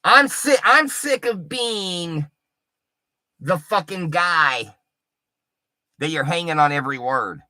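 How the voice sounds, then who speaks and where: A man's voice: on the high side, lively intonation, takes it slowly, pauses often, pushed and bright, no echo. A middle-aged man, a livestreamer, ranting in a rambling, profane and mocking way at his audience.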